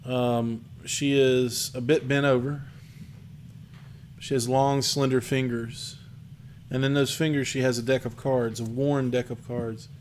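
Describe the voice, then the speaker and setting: A man narrating as game master for a tabletop game, describing the scene slowly with fillers. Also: mid-range voice, little pitch movement, darkish tone, slight background noise.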